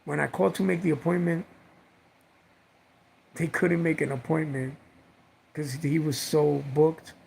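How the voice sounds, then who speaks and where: A middle-aged man records a casual home vlog, recounting his story in a rambling, heartfelt way. His voice sits a bit high and is gravelly with fry. A faint hiss lies under the recording. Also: fairly even intonation, measured pace, long pauses, darkish tone, low-quality recording. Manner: rambling, heartfelt, repeats words with many fillers. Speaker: vlogger.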